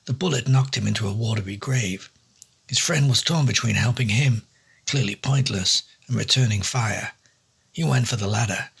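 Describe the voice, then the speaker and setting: Gravelly man narrating hard-boiled noir. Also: fairly low pitch, moderate pace. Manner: dry, wry first-person detective voice. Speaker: storyteller and host.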